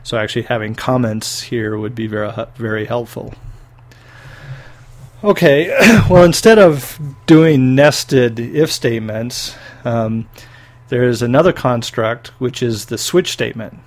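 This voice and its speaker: A man's voice: medium pitch, measured pace. A man giving a recorded university programming lecture, explaining step by step and often checking in with "okay". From United States.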